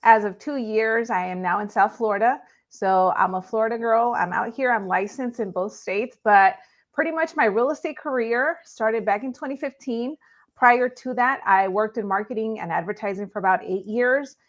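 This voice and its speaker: A woman from Los Angeles, a guest on a live web show, talks through her career in a friendly, upbeat way. Her voice sits a little high. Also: normal speed, muffled recording. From Los Angeles, California. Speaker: guest, real estate agent and content creator. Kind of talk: conversational interview.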